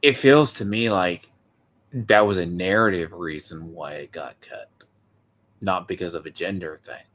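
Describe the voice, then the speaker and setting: Deep-voiced man giving casual commentary. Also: unhurried, fairly bright tone. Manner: opinionated, asks a friend to agree. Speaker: video host reacting to a clip.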